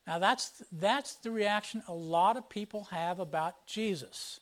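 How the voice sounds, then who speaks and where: A man's voice: high-pitched, measured pace, hardly any pauses. A man preaching a verse-by-verse sermon, explaining scripture in a plain teaching tone and reading passages aloud with emphasis. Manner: emphatic, reads scripture aloud with rising force. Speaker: pastor. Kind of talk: expository sermon.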